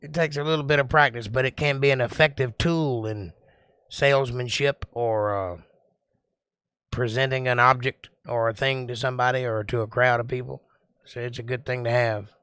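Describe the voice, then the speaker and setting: Slow-talking man hosting a livestream. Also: mid-range voice, steady tone, a bit bright, clear, resonant tone, no echo. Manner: slow, deliberate, sing-song delivery. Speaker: livestream host. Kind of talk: casual chat reading viewer comments.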